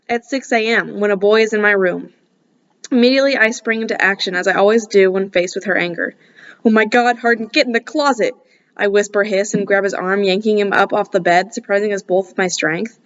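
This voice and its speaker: A woman's voice: medium pitch, brisk, a bit bright, highs cut off. A woman reading a first-person novel aloud, casual and breaking off now and then for asides. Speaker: audiobook reader.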